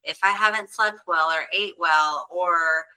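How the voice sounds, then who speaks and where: A woman's voice: fairly low pitch, measured pace, bright, forceful tone, low-quality recording. A middle-aged woman who runs mental health workshops, talking earnestly and explaining through examples in a conversational interview.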